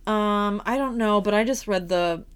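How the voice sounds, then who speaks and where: A woman's voice: medium pitch, normal speed, smooth. A woman co-hosting a casual podcast chat, rambling and giggly with lots of fillers. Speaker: podcast co-host. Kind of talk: casual chat about horror films.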